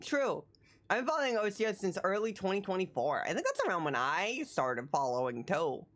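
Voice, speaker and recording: A woman streaming live, chatting casually in an excitable, rambling way and repeating her phrases. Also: fairly low pitch, a little fast. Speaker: livestreamer.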